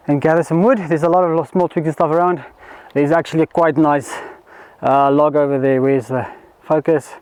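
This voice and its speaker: Male outdoor vlogger, higher voice, casual and rambling, handheld camera outside. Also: darkish tone, clear, resonant tone, no echo, low-quality recording. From South Africa. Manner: rambling, many fillers and restarts. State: out of breath. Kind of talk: casual camping vlog. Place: outdoors in bushveld at dusk.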